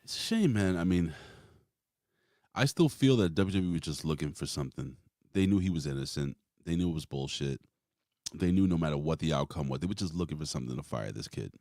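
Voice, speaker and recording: A man's voice: extremely low pitch, lively intonation, brisk, dark tone, dry recording, clean studio sound. A man hosting a casual wrestling review podcast, talking loosely and rambling, with some swearing. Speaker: podcast host.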